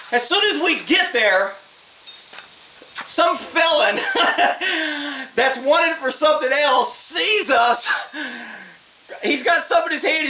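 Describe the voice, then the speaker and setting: Brief: bright-voiced man, a cop telling a war story, bluntly, from a bit away in a roomy space. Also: very high-pitched. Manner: blunt, profane, laughs through the story. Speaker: police officer telling a story. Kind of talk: casual storytelling. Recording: roomy distant mic, faint hiss.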